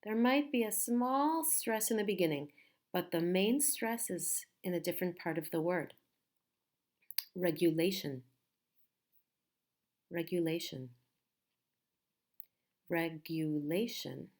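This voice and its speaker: A woman teaching a pronunciation lesson, speaking slowly and patiently and repeating each word carefully. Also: lowish voice, lively intonation, a little mellow.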